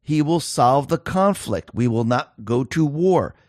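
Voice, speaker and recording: A man's voice: mid-range voice, animated, measured pace, darkish tone, no echo, studio quality. A man hosting a political commentary monologue, talking emphatically and firing off rhetorical questions. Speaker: show host.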